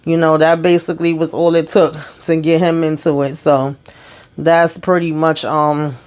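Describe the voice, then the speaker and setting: Give me a blunt, animated woman recapping a show casually with lots of slang. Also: sits low, normal speed, clear, resonant tone.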